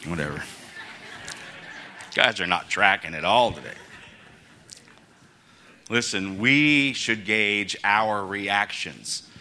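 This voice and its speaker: A man's voice: lowish voice, takes it slowly, pauses often, bright, forceful tone, slight background noise. A man preaching a casual, conversational sermon as pastor, chuckling between points and acting out the quotes in his story.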